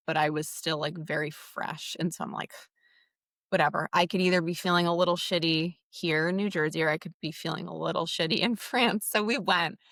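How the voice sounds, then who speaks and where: A woman's voice: sits low, fairly bright tone, dry recording, studio quality. A woman hosting a podcast interview, talking frankly and expressively and acting out the exchanges she describes. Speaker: podcast host. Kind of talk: candid conversational interview.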